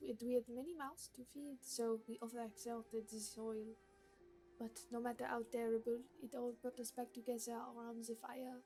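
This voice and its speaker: A woman's voice: on the high side, a little mellow, lightly acted. Woman putting on a haughty French gourmet lady. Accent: put-on French accent. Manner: haughty, drawn-out theatrical reading. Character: snobbish refined gourmet woman, demanding. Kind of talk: reading game dialogue aloud.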